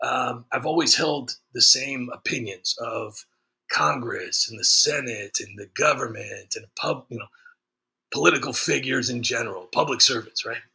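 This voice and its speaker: Brief: male streamer host, casual sarcastic rant, gravelly and very forceful voice. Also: mid-range voice, moderate pace. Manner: sarcastic, joking, frequent fillers. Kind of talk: casual ranting monologue.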